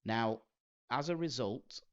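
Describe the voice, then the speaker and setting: A man's voice: medium pitch, slow pace, smooth. A man, co-hosting a casual golf podcast and telling rambling, self-mocking stories. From Manchester, England. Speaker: podcast co-host. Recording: dull lo-fi podcast audio.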